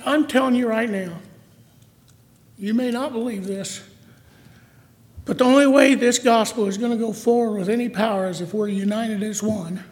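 A man's voice: sits high, normal speed, long pauses, darkish tone. A man giving an emotional, emphatic sermon to a small congregation in a church hall. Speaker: church speaker. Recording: hall reverb.

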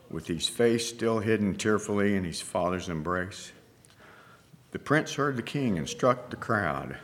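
A male preacher tells an allegory as a sermon, his voice sitting low and dropping to a hush on the tense moments. He reads dramatically and leaves slow pauses between phrases. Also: animated, a little hiss or hum. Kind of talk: sermon storytelling.

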